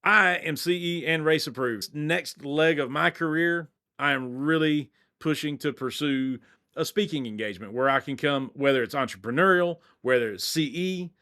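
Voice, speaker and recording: A middle-aged man, talking as a podcast guest in an animated, blunt, joking way with some cursing. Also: fairly high pitch, moderate pace. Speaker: dog training company owner, guest. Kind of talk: energetic podcast interview.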